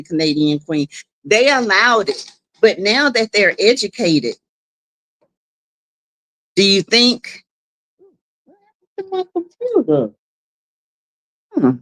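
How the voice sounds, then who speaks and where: Slow, chatty woman streaming from home. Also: lowish voice. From South Carolina. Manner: chatty, greets viewers by name, laughs often. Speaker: livestream host. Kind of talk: casual live chat.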